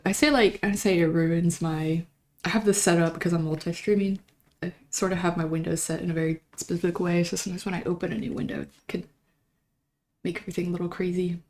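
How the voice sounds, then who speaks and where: A young woman hosts a livestream in a voice on the low side and a little mellow. She chats casually, rambling and poking fun at herself, her throat still a little sore.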